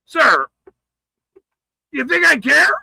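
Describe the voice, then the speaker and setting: Male streamer, angry profane rant, sharp bright voice, lively pitch swings. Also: unhurried, creaky, husky, no echo, poor audio. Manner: profane, taunting, swings between shouting and muttering. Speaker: livestream host. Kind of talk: angry ranting livestream.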